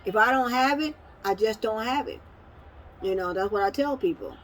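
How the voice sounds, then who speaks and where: A middle-aged woman talking candidly in a casual vlog monologue, venting about life in relaxed everyday speech. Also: a little high, normal speed, slight background noise, rough recording. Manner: candid, venting, conversational with slang. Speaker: vlogger. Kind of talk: casual monologue while eating.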